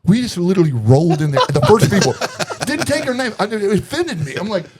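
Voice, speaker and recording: A man's voice: sits high, very animated, fast, crowd noise. A man telling a long story as a podcast guest in casual chat, acting out quoted voices and laughing often.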